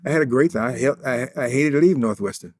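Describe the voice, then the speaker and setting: Older man from Indiana, 80s, interview guest: swaggering storyteller, mid-pitched, plays every part in his own tales. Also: quick pace. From Indiana, USA. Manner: boastful, acts out quoted dialogue.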